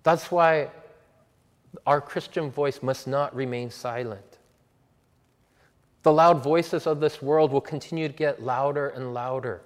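A man preaching a sermon and leading a prayer, earnest and emphatic, slowing down to stress repeated words. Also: medium pitch, long reverb tail. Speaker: pastor.

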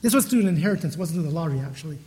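A man's voice: a little high, expressive, rapid-fire, a little mellow, husky. A man pastor giving a conversational sermon, telling stories in a chatty way and often restarting his sentences. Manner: storytelling, chatty, with frequent restarts.

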